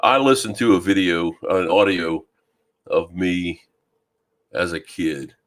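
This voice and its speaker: A man from Louisiana hosting a fishing live stream, chatting casually and greeting viewers by name with a deep voice and plenty of ums. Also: slow pace. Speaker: fishing channel host. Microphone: new microphone.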